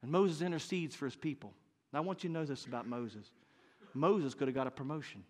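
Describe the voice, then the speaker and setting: A man's voice: on the high side, a little fast. Earnest preacher in his fifties. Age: 50s. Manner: earnest, rises to loud emphatic bursts. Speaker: pastor. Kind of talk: sermon.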